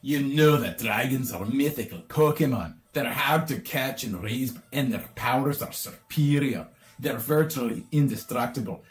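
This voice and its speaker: A man voicing a proud male dragon tamer from a video game, speaking slowly and grandly in an attempted Scottish accent that slips. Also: medium pitch, lively intonation, natural voice. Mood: boastful. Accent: attempted Scottish, slipping. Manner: slow, grand boasting delivery.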